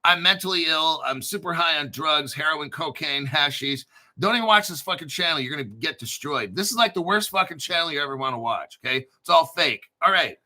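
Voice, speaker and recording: A man's voice: on the high side, expressive, brisk, sharp tone. A man hosting a crypto channel, rambling casually with profanity, jokes and self-mockery. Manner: profane, joking, self-mocking and digressive.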